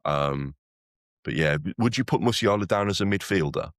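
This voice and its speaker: Very deep-voiced man, rambling football chat. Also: lively intonation, moderate pace, no room sound, clean studio sound. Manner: rambling with many fillers and restarts. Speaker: podcast co-host.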